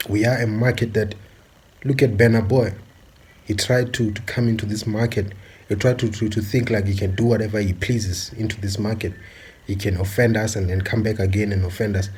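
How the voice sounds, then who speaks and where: A man from South Africa delivering a forceful, repetitive monologue with many filler pauses. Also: on the low side, slightly rough. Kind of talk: impassioned monologue.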